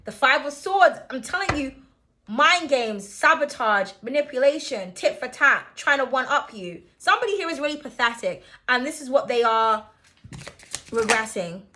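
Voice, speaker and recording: A woman's voice: high voice, animated, normal speed, sharp tone. A young woman giving a casual tarot reading, chatty and blunt, swearing and laughing freely as she talks. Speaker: tarot reader.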